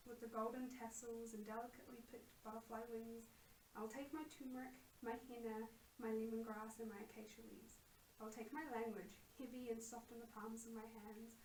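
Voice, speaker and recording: A woman poet reading her poem softly and measuredly, then chatting about her writing. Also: on the high side. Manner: soft measured recitation. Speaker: guest poet. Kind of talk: poetry reading and casual chat. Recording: roomy, distant mic, faint hiss.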